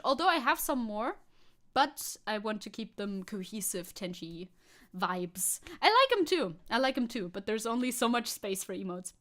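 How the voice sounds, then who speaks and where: This streamer host has a fairly bright voice that sits on the high side. Talking casually to viewers on her live stream, she rambles, says things more than once and laughs a lot.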